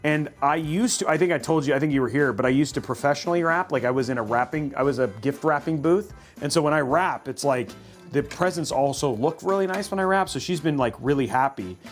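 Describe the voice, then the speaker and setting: Male livestream host, a bit high-pitched, rambling casual commentary, faint music underneath. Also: fast talker. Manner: chatty, thinks aloud, many restarts. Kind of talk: casual live commentary while building a PC.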